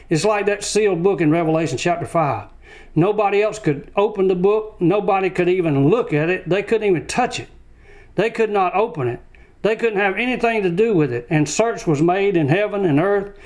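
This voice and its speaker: A man delivers a sermon. He hammers each point with short, repeated phrases. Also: high voice. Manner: emphatic repetition of short phrases. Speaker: preacher.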